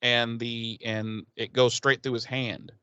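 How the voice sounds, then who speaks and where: A man's voice: medium pitch, level tone, unhurried, bright, forceful tone, clear, resonant tone, no room sound, dull audio. A man co-hosting a podcast, recapping a TV episode in casual chat, rambling and swearing with laughs. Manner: rambling, profane, laughing storyteller. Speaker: podcast co-host.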